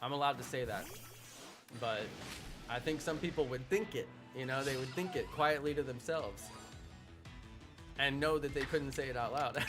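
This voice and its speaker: A man's voice: medium pitch, moderate pace, long pauses. A young man live streaming, chatting casually with his audience in a playful, teasing way. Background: background music.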